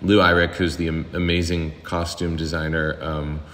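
A man's voice: a bass voice, flat delivery, moderate pace, a bit bright, big-room sound, a little hiss or hum. A man from Pittsburgh, an actor guest chatting casually in an interview, rambling with many fillers.

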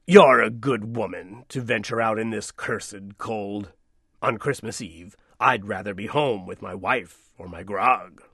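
A man doing a gruff grumbling coachman. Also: on the low side, unhurried, a bit bright, dry recording, studio quality, pitched below the performer's own voice. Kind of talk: storybook reading.

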